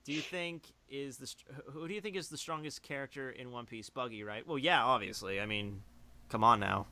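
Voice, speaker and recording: Bright-voiced young man rambling on stream. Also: mid-range voice, fairly quick. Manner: rambling, heavy on "like" fillers. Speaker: streamer host. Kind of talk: casual chat on a livestream.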